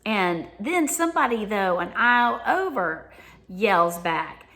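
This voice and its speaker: This woman vlogger has a Southern US accent and a mid-range, slightly bright voice. She tells casual stories slowly and very animatedly, giggling and breaking into laughter often.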